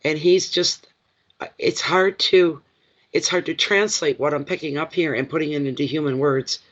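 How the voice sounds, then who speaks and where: A man giving a live intuitive reading, emotional and awed, halting and restarting as he talks. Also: a little high, steady tone, fairly bright tone, highs cut off. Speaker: intuitive card reader.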